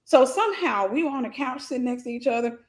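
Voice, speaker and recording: A woman host telling a personal story, animated and repeating phrases for emphasis. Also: high voice, fast talker.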